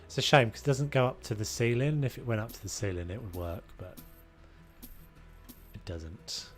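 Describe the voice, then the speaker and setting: A man's voice: fairly low pitch, animated, normal speed, soft background music. A young man streaming a renovation game, casually thinking aloud and muttering to himself as he builds, with self-deprecating asides. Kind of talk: casual live-stream commentary.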